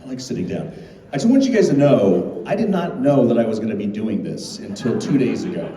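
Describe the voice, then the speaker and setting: A man's voice: fairly low pitch, fairly quick. A middle-aged man telling comedy stories on a convention stage, laughing and acting out the voices of people in his stories. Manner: animated, laughing, acts out quoted voices. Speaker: stand-up comedian. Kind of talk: stand-up storytelling. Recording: echoey hall from far off.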